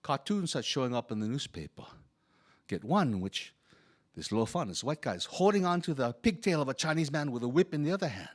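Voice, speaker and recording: A man's voice: medium pitch, big pitch swings, a little fast. A man storyteller playing a humble, good-humored Chinese immigrant laborer who speaks in broken English. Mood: wistful. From Hawaii. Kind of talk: first-person character storytelling.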